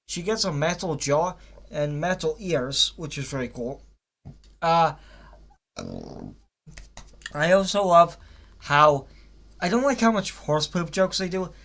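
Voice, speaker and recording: A man's voice: high-pitched, fairly bright tone. A young man giving a casual, rambling spoken review of a cartoon series, with frequent fillers, restarts and blunt swearing.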